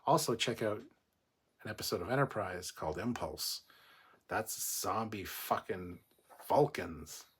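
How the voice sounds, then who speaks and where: A man's voice: lowish voice, lively intonation, a little slow, a bit bright, husky. A man hosting a casual livestream, reading viewer comments and rambling into profane rants. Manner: rambling, swears freely, goes off on rants. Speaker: host.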